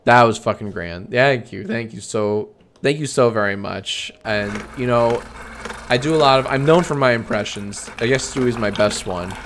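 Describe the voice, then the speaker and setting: A man streaming a comedy bit, bantering with himself in a deadpan, sarcastic way and swearing often. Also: medium pitch, normal speed, a little hiss or hum.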